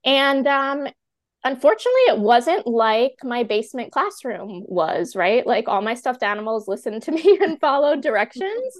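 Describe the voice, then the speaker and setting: A woman in her thirties, a teacher and classroom coach, telling her story as a podcast guest in a chatty, animated way full of "like" fillers. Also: fairly high pitch, moderate pace. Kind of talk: candid personal storytelling in a podcast interview.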